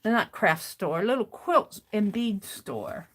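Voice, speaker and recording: A woman's voice: mid-range voice, very animated, slow pace. A woman hosting a craft livestream, chatting casually and rambling to herself as she works. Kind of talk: casual chat while crafting.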